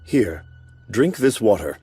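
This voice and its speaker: An actor voicing a calm, protective ancient male golem lord in an anime dub, speaking in a measured way. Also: on the low side, slightly rough, soft background music, heavily acted. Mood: solemn.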